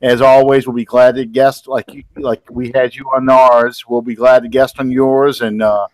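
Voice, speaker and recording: A man's voice: medium pitch, flat delivery, moderate pace, no echo, poor audio. An easygoing man hosting a casual sports podcast and thanking listeners as he wraps up. His voice sits in the middle range for a man. The sound is dry and close, with no room around it. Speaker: podcast host.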